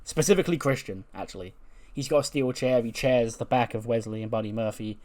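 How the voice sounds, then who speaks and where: A man's voice: mid-range voice, brisk, darkish tone. Casual man narrating a wrestling sim. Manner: acts out dialogue in put-on voices, laughs often. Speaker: gameplay commentator. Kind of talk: casual game commentary with acted-out dialogue.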